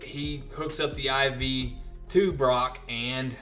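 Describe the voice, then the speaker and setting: A man's voice: mid-range voice, steady tone, slow pace, a bit bright, faint music behind. A man recapping and reviewing a comic book in a casual, enthusiastic, chatty vlog.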